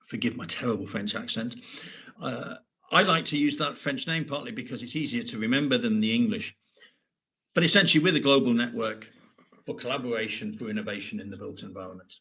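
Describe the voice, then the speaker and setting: A middle-aged man with a low, slightly husky voice delivers a conference keynote at a measured pace, often restarting and repeating words. The recording sounds muffled and lo-fi. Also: fairly bright tone. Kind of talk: prepared keynote talk.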